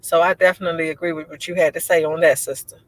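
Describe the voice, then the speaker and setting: The livestream host keeps a steady tone in her low voice, which she says sounds like a man's, as she chats about viewer comments. She rambles, laughs readily, and uses many fillers. The recording has no echo but is low quality.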